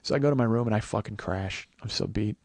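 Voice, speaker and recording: Gravelly-voiced comic in his forties, podcast host spinning a profane, rambling yarn; dry, close sound. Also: fairly low pitch, fast talker, dry recording. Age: 40s. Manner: profane, rambling, animated storyteller. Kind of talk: comedic storytelling monologue.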